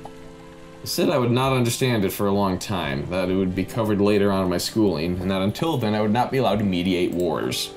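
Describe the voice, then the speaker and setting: A man's voice: low voice, a little fast, faint music behind, pitched below the performer's own voice, lightly acted. A man reading aloud as a young female student in a game's first-person narration, earnest and plain.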